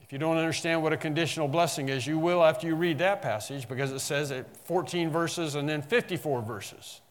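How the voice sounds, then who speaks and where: A man preaching an expository sermon, emphatic, slowing on key phrases and rising in bursts. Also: fairly high pitch, big-room sound. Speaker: pastor.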